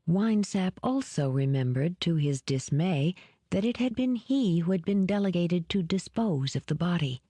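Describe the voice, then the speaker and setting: A woman narrating an audiobook in a measured, even manner. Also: deep voice, husky, no room sound. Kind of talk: scripted narration.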